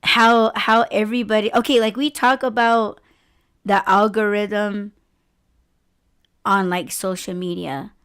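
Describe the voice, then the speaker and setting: A woman's voice: mid-range voice, fairly even intonation, unhurried, pauses often, a bit bright, clean tone. A woman in her forties hosting a podcast, chatting candidly, laughing often and swearing freely. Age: 40s. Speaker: podcast host. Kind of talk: casual chat.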